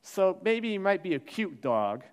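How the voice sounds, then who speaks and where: A man preaching a sermon, acting out the voices he quotes and swinging between hushed and loud. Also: high voice, sing-song, a little slow. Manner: dramatic, acts out quoted voices, shifts from soft to loud. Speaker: pastor.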